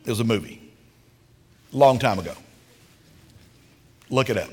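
A man's voice: mid-range voice, measured pace, pauses often, breathy edge. A man preaching a sermon as folksy, homespun storytelling, with emphatic swells of intensity. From rural countryside. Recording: long hall reverb.

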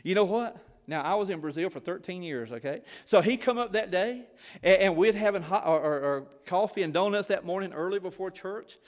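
A long reverb tail follows this high-pitched man as he preaches fairly quickly in church. He draws on his past as a missionary, telling folksy, Southern-flavored stories in his sermon.

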